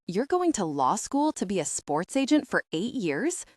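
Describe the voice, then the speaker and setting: A woman's voice: medium pitch, very animated, normal speed, no room sound. Female reader as skeptical young woman, dry teasing line, close and dry.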